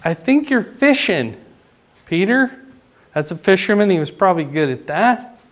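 Male pastor, fairly high voice, casual teaching sermon, keeps asking "right?", spikes up for emphasis. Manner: conversational teaching, frequent "right?" and "okay?" check-ins; rises in pitch and volume for emphasis.

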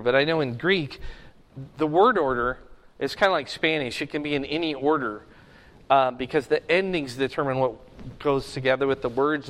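A man with a notably high voice gives a Bible class, pausing often to ask "okay?" to keep his students with him. His voice carries a long reverb of a large hall. He talks in the manner of a teacher walking through his notes. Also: a bit bright. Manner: often checks in with a questioning "okay?".

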